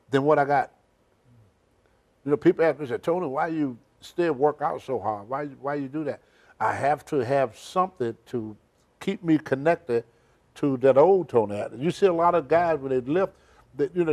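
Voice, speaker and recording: An older man, a senior citizen, is an interview guest telling emphatic, rambling stories with loose grammar. His voice sits on the high side and sounds a little mellow.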